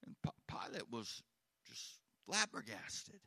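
A man preaching a sermon as pastor, swinging from hushed retelling to shouted emphasis and often repeating words. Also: a little high, sing-song, slow pace, creaky, dry recording.

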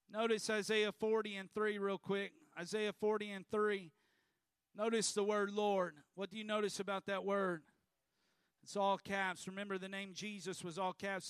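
A man's voice: sits high, fairly bright tone, clean tone, no echo. A male pastor preaching a sermon emphatically, prompting the congregation to repeat after him.

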